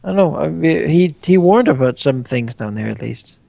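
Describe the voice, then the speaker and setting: A man in casual talk at a tabletop game, his voice heavy with gravelly fry. He speaks offhandedly, drifting off mid-thought, and the sound is dry and close with no room echo. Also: a little high, lively intonation, moderate pace, warm tone.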